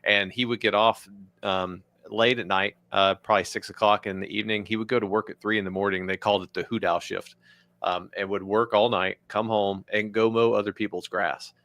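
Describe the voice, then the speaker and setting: A man from rural West Virginia hosts a podcast and speaks in a reflective, plain-spoken way. His voice sits low but has a bright, forceful edge. The sound is dry and close. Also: flat delivery, brisk, no echo. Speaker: podcast host. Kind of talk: conversational interview talk.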